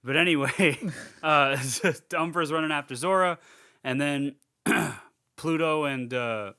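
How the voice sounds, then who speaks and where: Young man, podcast co-host, casual recap, bright crisp voice, filler-heavy and sweary. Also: a little high, slow pace. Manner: rambling, swears freely, many fillers. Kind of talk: casual movie recap chat.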